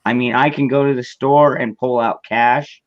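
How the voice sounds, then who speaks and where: A man's voice: medium pitch, steady tone, moderate pace, dry recording. A man in a casual chat, talking hesitantly and often repeating words. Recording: dull lo-fi sound.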